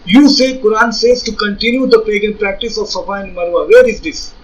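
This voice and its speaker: Indian english guy, pretty high voice, arguing back at a critic w lots of rhetorical questions, a bit far from the mic. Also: brisk. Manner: argumentative, rhetorical questions, reads scripture aloud. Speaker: religious debater. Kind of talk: rebuttal lecture.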